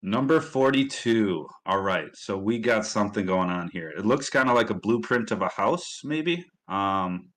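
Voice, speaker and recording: A man with a Midwestern accent hosts a casual livestream, his voice sitting a little low. He talks in an upbeat, rambling way, full of fillers and restarts. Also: animated, moderate pace, few pauses, a bit bright, rough recording. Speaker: stream host.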